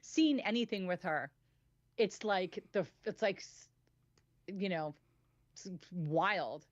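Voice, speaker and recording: A woman co-hosting a weekly web show in casual chat, telling animated stories with lots of laughter. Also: lowish voice, slow pace, no echo, dull audio. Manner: animated storyteller, laughs often, does excited impressions.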